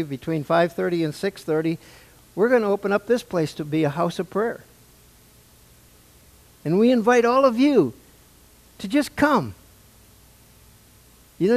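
A man's voice: sits high, vocal fry, darkish tone. Older male pastor preaching conversationally. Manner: conversational preaching, asks the congregation questions. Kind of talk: sermon. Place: church sanctuary.

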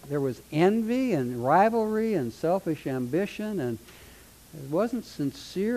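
A male pastor with a fairly high voice, preaching in an animated way. He reads scripture passages aloud with dramatic swings and slips in dry, sarcastic remarks. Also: rough recording. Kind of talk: sermon.

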